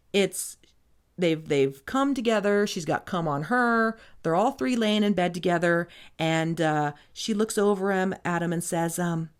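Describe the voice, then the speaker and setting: A woman hosts a casual podcast, recapping a trashy book in a rambling, sarcastic tone. She swears freely and talks in a somewhat low voice. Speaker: podcast host.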